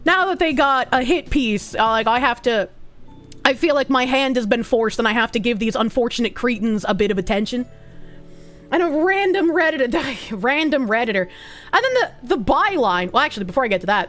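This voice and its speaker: High-voiced woman with a Boston accent. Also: a bit bright. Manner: blunt, swears a lot, laughs often. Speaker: streamer. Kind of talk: casual stream chat.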